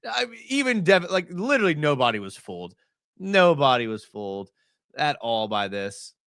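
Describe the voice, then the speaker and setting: Excitable man breaking down game film. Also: fairly high pitch, moderate pace, vocal fry, no echo, studio quality. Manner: chatty, filler-heavy, excitable. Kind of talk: casual live-stream film breakdown.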